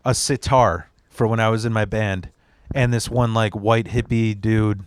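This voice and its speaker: A man's voice: fairly low pitch, steady tone, measured pace, clean tone. A man, a standup comedian, telling long, profane stories as a guest on a podcast. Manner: profane, rambling anecdotes. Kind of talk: casual podcast storytelling.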